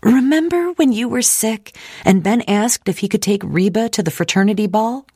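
A woman reading aloud, voicing a worried young woman friend who gently and apologetically breaks hard news. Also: mid-range voice, lively intonation, normal speed, husky, no echo, clean studio sound, pitched above the performer's own voice. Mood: apologetic.

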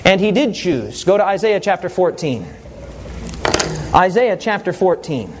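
Very high-voiced preaching man. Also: big pitch swings, a little slow, background noise. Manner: storytelling, humorous, quizzes the congregation. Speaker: pastor. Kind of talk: sermon.

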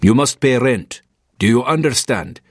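A man's voice: medium pitch, animated, measured pace, breathy edge, no echo, studio quality, voice pushed up. A man reading the part of a grim armed desert tribesman who demands rent, in a harsh and insistent voice. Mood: demanding.

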